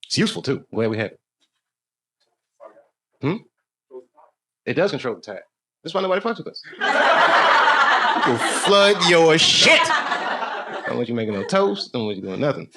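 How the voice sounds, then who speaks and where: A man's voice: mid-range voice, big pitch swings, a little fast, vocal fry, pauses often, heavy background noise. An American man doing stand-up with crowd work in a club, loose and rambling, chuckling at his own jokes. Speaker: stand-up comedian. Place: dark comedy club, indoors.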